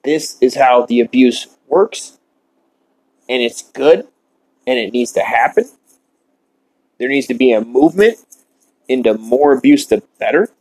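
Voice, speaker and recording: A man hosting a podcast, delivering a shock-comedy monologue in a deadpan, mock-earnest rant while smoking. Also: mid-range voice, a little slow, long pauses, slightly rough, poor audio. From Ireland. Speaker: podcast host.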